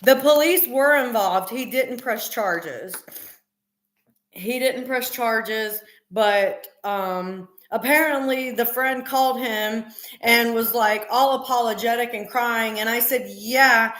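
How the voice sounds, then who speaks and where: A middle-aged woman chats on her live stream in an earnest, emphatic way, with plenty of fillers. Her voice sits a little high, and she speaks slowly. The room adds a noticeable echo. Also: a bit bright. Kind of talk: casual live-stream chat. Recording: roomy echo.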